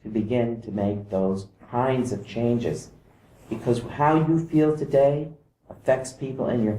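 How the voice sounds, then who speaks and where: A man giving a calm explanatory talk to camera. He mimics vibrations by singing short "da" syllables. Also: medium pitch, roomy sound, slight background noise, low-quality recording. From outside Iceland.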